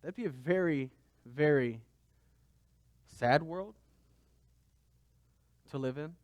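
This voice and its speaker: A man's voice: on the high side, slow pace, no echo, muffled recording. A man pastor preaching a conversational sermon, asking his listeners rhetorical questions.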